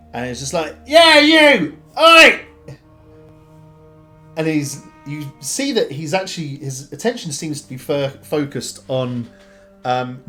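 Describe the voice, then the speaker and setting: A man narrating as game master of a tabletop game in a relaxed, rambling way. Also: medium pitch.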